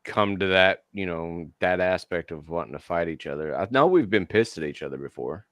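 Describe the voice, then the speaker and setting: A man in a casual podcast chat, plain-spoken and low-key. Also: animated, moderate pace, fairly bright tone, dry recording.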